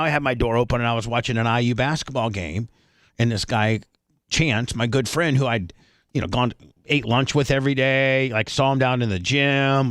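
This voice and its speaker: A man's voice: medium pitch, a bit bright, no room sound, clean studio sound. A man in his fifties hosting a radio show, telling a rambling story with many restarts. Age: 50s. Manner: rambling storyteller, frequent restarts and throat-clearing. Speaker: radio host. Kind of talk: casual chat.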